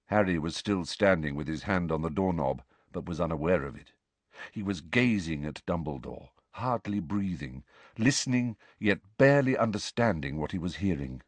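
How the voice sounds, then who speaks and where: A man reading a novel aloud in expressive audiobook narration with a dramatic, varied delivery. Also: deep voice, moderate pace, no echo.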